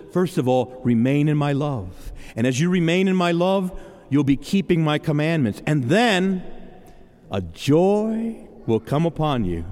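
A man's voice: a little high, darkish tone. Earnest preaching man, echoing church hall. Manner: earnest, personal testimony with stammered restarts. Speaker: pastor. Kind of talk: sermon. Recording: long hall reverb.

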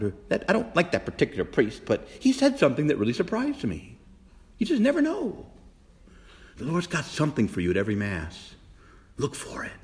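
A man preaching from the altar, his voice leaping around with lively, expressive pitch. He fires question after question at the congregation, sometimes loud and excited, sometimes dropping to a hush. A long reverb rings through the large church. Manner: animated preaching, swinging from loud exclamations to hushed whispers; asks the congregation many rhetorical questions. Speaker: Catholic priest. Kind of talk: sermon.

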